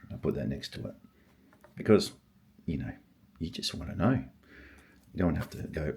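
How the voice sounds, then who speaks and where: An older man with a very low, gravelly voice that sounds husky, thinking aloud at his desk. He drifts between quiet murmurs and excited exclamations. A faint hiss sits under the recording. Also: normal speed, pauses often. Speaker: stamp collector. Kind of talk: casual vlog, thinking aloud while sorting.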